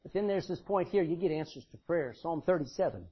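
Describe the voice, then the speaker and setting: A middle-aged male preacher giving a sermon in an emphatic, folksy way, swinging between loud declarations and quiet asides. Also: high voice, brisk, breathy edge, muffled recording.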